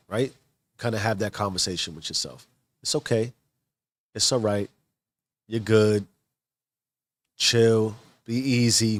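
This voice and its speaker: A married father delivers a casual motivational monologue as a self-improvement vlogger, sounding earnest and rambling with many restarts. His voice is mid-range and fairly bright, with no room sound.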